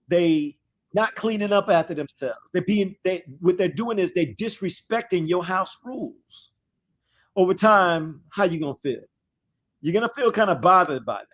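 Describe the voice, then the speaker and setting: A man hosting a live scripture study discussion. He reads verses slowly and calls out to listeners as "y'all," repeating his phrases as he teaches. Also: high-pitched, a bit bright.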